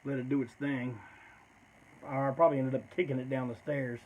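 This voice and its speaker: A man's voice: medium pitch, level tone, a little fast, darkish tone, dull audio, a little hiss or hum. A man telling stories in a loose, rambling, profane way, often tacking "man" onto his sentences. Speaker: storyteller. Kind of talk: casual storytelling.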